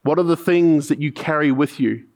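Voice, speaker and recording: A man with a New Zealand accent preaches a sermon in a fairly high, slightly mellow voice at a normal pace. He tells a mission story with repeated punchlines, then poses probing questions to his listeners.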